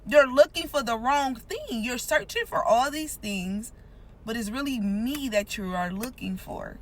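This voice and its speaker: Earnest woman preaching slowly. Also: a little high, lively intonation, rough recording. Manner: earnest, repetitive, emphatic, conversational. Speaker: Christian content creator. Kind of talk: informal devotional teaching.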